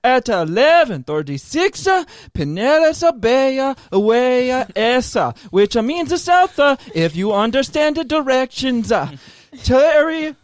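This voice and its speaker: A man reading an ad in an exaggerated put-on Italian accent, halting with many fillers. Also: extremely high pitch, very animated, dry recording, clean studio sound, pitched above the performer's own voice, exaggerated voice. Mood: hammy. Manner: hesitant, many "uh" fillers, hand-gesturing. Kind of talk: comic ad read.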